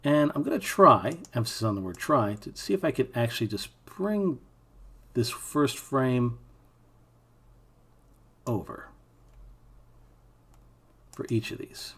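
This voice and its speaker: A man's voice: medium pitch, sing-song, slow pace, long pauses, breathy edge. A man teaching animation in a screen-recorded tutorial, thinking aloud as he works, with casual asides to his students. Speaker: animation instructor.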